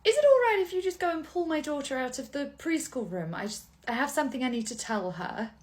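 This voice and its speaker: A woman's voice: high voice, big pitch swings, fairly quick, voice pushed up. A woman playing a self-absorbed, condescending mother with a patronising, sing-song manner. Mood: breezy.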